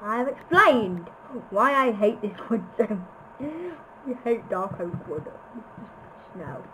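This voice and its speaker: Woman, silly gameplay commentary, sing-song chanting, very slow drawn-out delivery, faint noise behind. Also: medium pitch, animated, rough recording. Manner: goofy, sing-song chanting, sudden shouts. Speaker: gameplay video maker.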